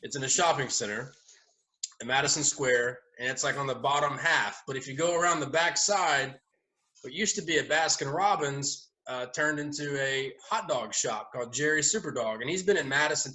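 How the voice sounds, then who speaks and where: A man's voice: mid-range voice, normal speed, poor audio. A man, hosting a casual chat and telling stories with laughs and the odd curse. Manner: animated storyteller, swears and laughs. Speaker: host.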